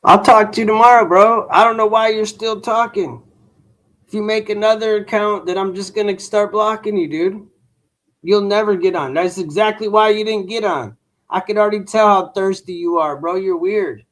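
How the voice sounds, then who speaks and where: This livestream host sounds tired, his high, fairly bright voice moving at a moderate clip. He shoots the breeze with chat, heavy on slang and "bro," and dismisses a troll without much thought.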